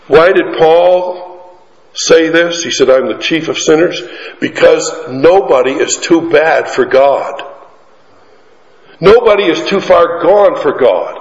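A fairly high-voiced man preaching in a large echoing hall, the sound a bit muffled. His delivery is animated, swinging from quiet storytelling to emphatic climbing peaks. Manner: animated, rising to emphatic peaks, drawn-out lines. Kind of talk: sermon with storytelling.

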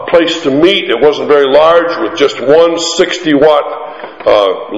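A man preaching a sermon, telling a mission story with animated, emphatic delivery that climbs to high peaks. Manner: animated, rising to emphatic peaks, drawn-out lines. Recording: echoey hall, muffled sound.

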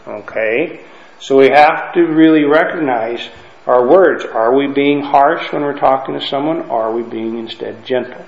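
Slow, conversational male Bible teacher. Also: mid-range voice. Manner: conversational, keeps checking in with "okay?" and "right?". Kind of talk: Bible lesson to a class. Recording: roomy, dull lo-fi room recording.

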